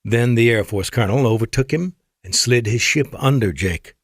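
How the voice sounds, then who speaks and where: A man's voice: medium pitch, normal speed, slightly rough, no room sound, clean studio sound. Man narrating a sci-fi audiobook. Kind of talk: scripted narration.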